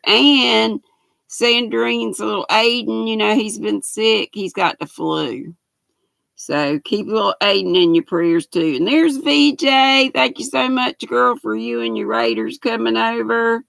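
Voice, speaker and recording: Gravelly older woman hosting. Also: mid-range voice, fairly bright tone, no echo. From United States. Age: 60s. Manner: greets viewers by name, reads chat aloud. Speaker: livestream host. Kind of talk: casual livestream chat.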